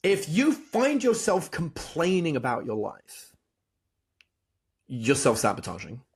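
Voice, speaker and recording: A man, a dating coach, telling animated stories as a podcast guest, acting out both sides of past conversations. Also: fairly high pitch, slow. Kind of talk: storytelling in a podcast interview.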